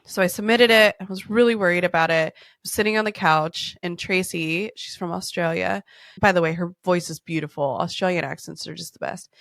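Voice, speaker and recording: A woman's voice: on the low side, a little fast, gravelly, a bit bright, no room sound, clean studio sound. Candid, profane woman podcast host. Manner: candid, profane, laughing storyteller. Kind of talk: casual storytelling chat.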